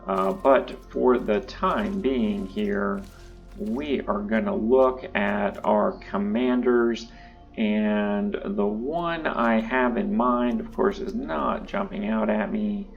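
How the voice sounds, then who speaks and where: A man hosting his own channel, talking through card decks in a casual, relaxed way with lots of uh and um fillers. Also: lowish voice, takes it slowly, creaky, muffled recording, soft background music. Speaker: YouTube channel host. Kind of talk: casual deck-building commentary.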